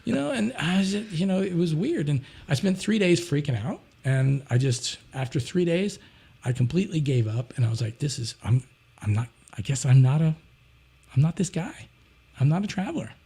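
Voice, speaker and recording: A man talking as a podcast guest, telling a long story in an animated, rambling way and acting out other people's voices. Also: on the high side, normal speed, creaky, slightly rough. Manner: rambling, with frequent restarts and "you know". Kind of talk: casual anecdote storytelling.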